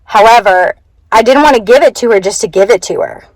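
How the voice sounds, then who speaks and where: A young woman who teaches first grade talks in a casual vlog, earnest and chatty, sprinkling her story with lots of "like." Her voice is on the high side and a bit fast, and the recording is dry and rough.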